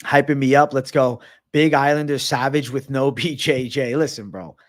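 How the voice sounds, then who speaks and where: A man hosting a livestream Q&A, reading viewer messages aloud and answering in a loose, joking, profane way, often trailing off low and quiet at the ends of his answers. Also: steady tone, moderate pace. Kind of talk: casual livestream Q&A.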